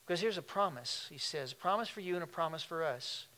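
A man preaching a sermon, animated and conversational, dropping to a hush and rising again, with laughing asides. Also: a little high, quick pace, hardly any pauses. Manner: animated, laughing asides, shifts between loud and hushed. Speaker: pastor.

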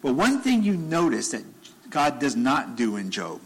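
A man's voice: mid-range voice, very animated, normal speed, husky, poor audio. A man preaching a sermon in a conversational way, repeating phrases and rising into emphatic bursts.

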